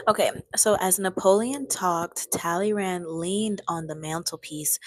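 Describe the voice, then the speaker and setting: A woman's voice: on the low side, unhurried, hardly any pauses, no echo. A young woman reading a book aloud on a live stream, breaking off now and then to chat with viewers.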